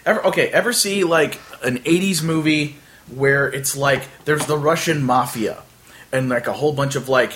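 A man's voice: fairly high pitch, moderate pace, a bit bright, slight background noise. A man casually telling a long anecdote in a chat, rambling with many fillers and acting out the other people in it.

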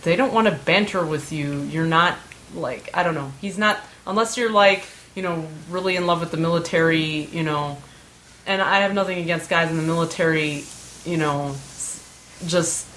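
A woman's voice: on the low side, fairly bright tone, low-quality recording. A woman chatting casually, hesitant and full of fillers. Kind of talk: casual storytelling chat. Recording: faint hiss.

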